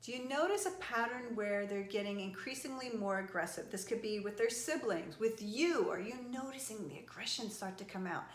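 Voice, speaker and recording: A woman's voice: mid-range voice, moderate pace, hardly any pauses. A middle-aged woman motivational speaker giving earnest, emphatic advice straight to camera. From from an Italian family. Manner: earnest and emphatic, with animated outbursts. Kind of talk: direct-to-camera advice talk. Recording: echoey room.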